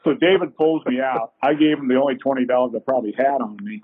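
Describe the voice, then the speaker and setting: A middle-aged man, a company co-founder, telling folksy, animated stories as a podcast guest over a tinny phone-like line. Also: mid-range voice, quick pace, a little hiss or hum. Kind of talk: anecdotal storytelling in a podcast interview.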